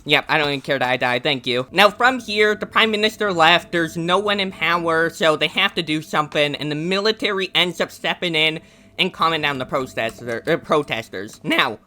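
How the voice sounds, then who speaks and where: A young man giving casual, rambling commentary while playing a video game, excitable and slangy, often laughing and restarting his sentences. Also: fairly high pitch, normal speed. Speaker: gaming YouTuber explaining news.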